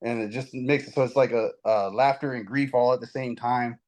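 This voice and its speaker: A man speaking at a fast clip in a casual spiritual conversation. He tells his story in a rambling, animated way, restarting sentences often. His voice sits at a middling pitch for a man. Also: rough recording. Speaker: guest.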